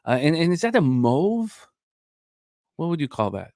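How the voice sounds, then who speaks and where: A man hosting a live sports betting show, joking in a deadpan, crude way and reading out bets. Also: on the high side, moderate pace, no room sound, studio quality. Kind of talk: casual live-stream banter.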